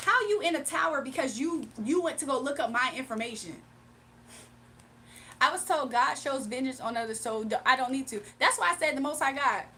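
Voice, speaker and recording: Sassy high-voiced woman ranting on livestream. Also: fairly quick, sharp tone, slight background noise. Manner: sassy, exasperated, talks back to chat comments. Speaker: livestream host reading chat. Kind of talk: casual livestream rant.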